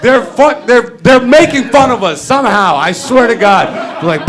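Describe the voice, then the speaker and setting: Man in his thirties, stand-up comic, high voice, profane ranting delivery. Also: animated, normal speed, fairly bright tone. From Canada. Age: 30s. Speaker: stand-up comedian. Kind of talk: stand-up comedy set. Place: comedy club stage.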